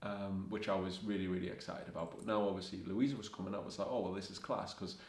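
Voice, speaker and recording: A young man rambles through a travel story in a low, level voice with little rise and fall. He is a fashion vlogger, chatting casually and quoting what people said. The room around him rings with echo. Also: fairly even intonation, quick pace. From Scotland. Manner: rambling anecdotes, quoting himself and others. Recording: echoey room.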